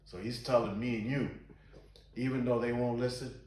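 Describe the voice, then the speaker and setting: A man's voice: mid-range voice, fairly even intonation, moderate pace, a little mellow. A man leading an informal Bible study, talking earnestly and reading scripture aloud with emphasis. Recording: very echoey room.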